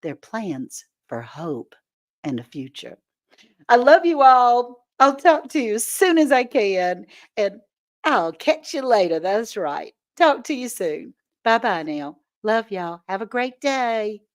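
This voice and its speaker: A woman hosting a casual live stream, telling animated stories in folksy words and laughing often as she greets viewers. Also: on the high side, slow pace. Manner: folksy, homespun talk.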